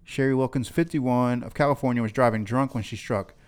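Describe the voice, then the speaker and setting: A man's voice: mid-range voice, steady tone, a little fast, darkish tone, clean tone. A man co-hosting a podcast, reading odd news headlines and riffing on them with crude, profane jokes. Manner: profane, joking, reads news stories aloud. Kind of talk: crude comedic chat.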